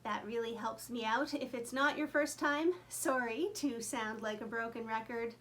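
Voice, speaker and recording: A woman's voice: a little high, normal speed, a bit bright. A woman fiddle teacher talking through a lesson in a chatty way, counting beats aloud as she explains. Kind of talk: friendly instructional talk.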